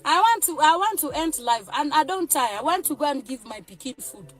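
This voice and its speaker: A woman's voice: high voice, expressive, brisk, soft background music. A woman with a Nigerian accent, a mother ranting emotionally to camera in an agitated, threatening and pleading way. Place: parked car.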